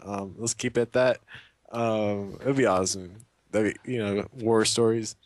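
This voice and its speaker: A man's voice: on the low side, steady tone, moderate pace, no room sound. A young man in casual chat as a guest, rambling and hesitant with many fillers.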